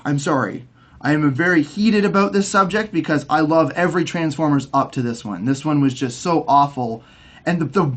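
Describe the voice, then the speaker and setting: A young man with a rather high voice rants through a casual video review. He swears freely and keeps tripping over his own words, restarting again and again in a heated, stammering rush. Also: expressive, moderate pace. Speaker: movie reviewer.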